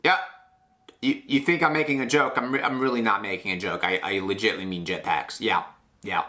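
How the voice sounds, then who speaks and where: A young man hosting a comedy segment, sarcastic and excitable, swinging from loud to soft in a small studio. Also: lowish voice, fairly quick, a little hiss or hum. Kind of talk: comedic rant. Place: small studio with blue sheet backdrop.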